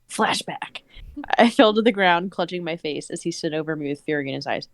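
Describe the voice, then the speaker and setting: Young woman reading aloud, lowish. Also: normal speed, dry recording. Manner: reads plainly, breaks off to laugh. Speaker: co-host reading a story aloud. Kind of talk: casual dramatic reading.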